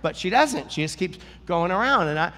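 Pastor, male, slightly high voice, lively joking storyteller, sermon in a reverberant church hall. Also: normal speed. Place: large church hall with audience.

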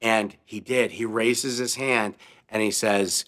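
A man's voice: on the low side, steady tone, slow pace, a bit bright. A male pastor delivering a sermon, telling a story and acting out the voices of the people in it with rising emphasis.

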